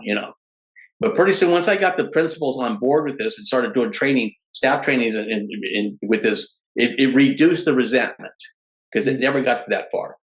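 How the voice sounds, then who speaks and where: A man's voice: medium pitch, a little fast, low-quality recording. A middle-aged man, a podcast guest, telling stories in casual conversation, often restarting his phrases. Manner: animated storyteller who restarts phrases often.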